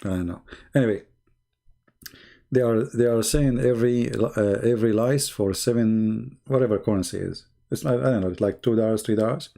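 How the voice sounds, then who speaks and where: Middle-aged male host, Arabic accent, gravelly mid-pitched voice, sarcastic and mocking, hoarse. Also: fairly quick, mellow. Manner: sarcastic, mocking, broken English. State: losing his voice, coughing. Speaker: host answering viewer questions. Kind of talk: casual livestream chat.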